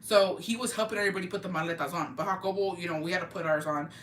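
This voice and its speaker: A woman's voice: fairly low pitch, very fast, fairly bright tone, slight background noise. A woman telling a casual storytime vlog, blunt and heavy on swearing, dropping Spanish words into her talk. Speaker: vlogger. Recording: echoey room, mic at a distance.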